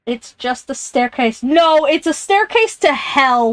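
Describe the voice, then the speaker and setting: A woman's voice: sits high, expressive, slow pace, fairly bright tone, no room sound. A woman streamer playing a game, reading its text aloud and reacting with jumpy, scared comments. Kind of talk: live-streamed game playthrough. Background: headphones on, alone in a room.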